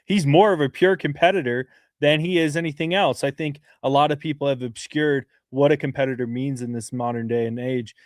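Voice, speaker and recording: A man co-hosting a sports podcast, talking through basketball analysis in an earnest, fast-flowing way with frequent restarts. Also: medium pitch, steady tone, no echo, studio quality. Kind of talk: casual sports talk.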